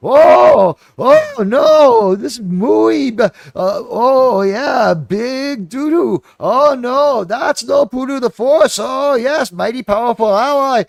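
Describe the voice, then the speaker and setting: A man's voice: very high voice, big pitch swings, slow pace, creaky, few pauses, no room sound, voice pushed up, exaggerated voice. A man voicing a goofy, clumsy male alien creature who talks in broken grammar and whooping exclamations.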